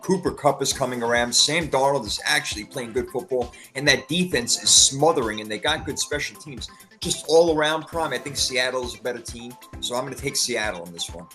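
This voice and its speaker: Man, podcast co-host, casual football talk, lively, quick to laugh. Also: mid-range voice, soft background music.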